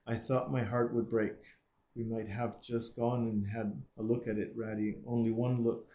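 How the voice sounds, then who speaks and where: A man's voice: mid-range voice, flat delivery, normal speed, dark tone, echoey room, close to an everyday voice. A man reading aloud as a homesick male mole, speaking in broken, tearful pleas. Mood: sobbing.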